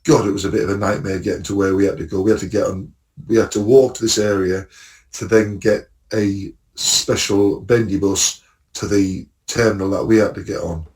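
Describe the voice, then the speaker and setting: A man with a fairly low voice chats casually on a podcast, telling a long travel story. He rambles, restarts and laughs at his own jokes. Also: steady tone, moderate pace, darkish tone, far from the mic. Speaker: podcast co-host. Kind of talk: casual chat, travel anecdotes.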